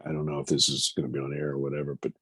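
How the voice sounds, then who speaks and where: Man in his fifties, husky voice, dry close sound, halting earnest storytelling. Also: very deep voice, completely flat delivery, fairly bright tone, no echo. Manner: halting, repeats words, earnest. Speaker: film producer. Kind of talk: recounting a personal story in an interview.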